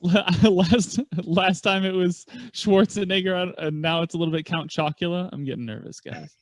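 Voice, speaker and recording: Chatty male player who rambles and laughs; slightly high voice, dry sound. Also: steady tone, dry recording. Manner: rambling and self-deprecating, quick to laugh. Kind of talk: casual chat at a tabletop game.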